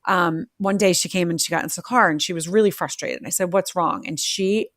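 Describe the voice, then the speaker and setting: A middle-aged woman hosting an interview, telling family stories in a lively way and acting out what her children said. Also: fairly low pitch, fast talker, no room sound, studio quality. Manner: animated, acts out family quotes. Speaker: podcast host. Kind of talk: conversational interview.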